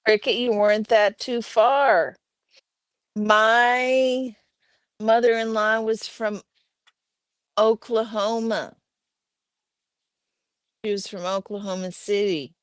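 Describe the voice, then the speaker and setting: Her voice sits on the high side with a steady, clean tone, and she speaks slowly with frequent pauses in a dry recording. This woman hosts a laid-back home livestream, reading comments and naming her viewers and pets as she chats.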